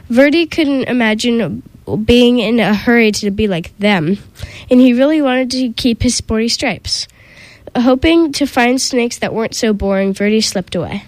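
A woman reads a children's picture book aloud as host of a radio program. Her voice sits on the higher side and is recorded close and dry. She reads gently, with a few small slips and restarts. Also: normal speed, dry recording, poor audio. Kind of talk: storybook read-aloud on community radio.

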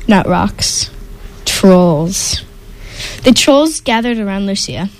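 A woman reading a picture book aloud, expressive, with small slips. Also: mid-range voice, takes it slowly, a little hiss or hum, poor audio. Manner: expressive, with sound effects. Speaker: storyteller.

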